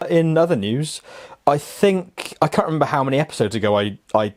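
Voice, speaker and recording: A young man co-hosting a podcast in casual chat, getting excited and jumping up in pitch as he talks. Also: fairly quick. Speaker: podcast co-host.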